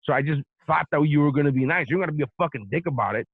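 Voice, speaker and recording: A man's voice: on the high side, racing, breathy edge, no room sound. A male podcast host and comedian telling a long anecdote in casual chat, swearing freely and acting out the voices of people in the story. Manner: profane, animated, acts out both sides of anecdotes. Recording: dry phone-like sound.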